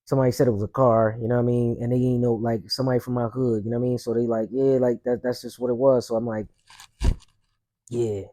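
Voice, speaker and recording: Young male host, mellow low timbre, rambling casual street storytelling. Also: flat delivery, fast talker. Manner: loose, rambling street slang with many fillers. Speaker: podcast host.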